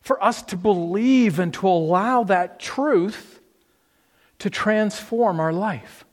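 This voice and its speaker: A man's voice: high voice, takes it slowly, in a large hall. A man preaching a conversational sermon, asking the listeners rhetorical questions and often restarting his sentences. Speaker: pastor.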